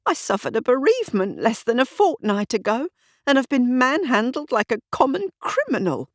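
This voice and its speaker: A man's voice: very high-pitched, very animated, normal speed, no room sound, studio quality, voice pushed up, heavily acted. A woman voicing a pompous, indignant male suspect who sneers and protests, in an audiobook mystery.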